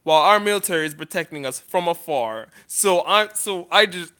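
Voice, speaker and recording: A man talking off the cuff in a list vlog, halting and earnest, pausing often and restarting his sentences with frequent apologies. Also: a little high, lively intonation, bright, forceful tone, clear, resonant tone. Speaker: vlogger.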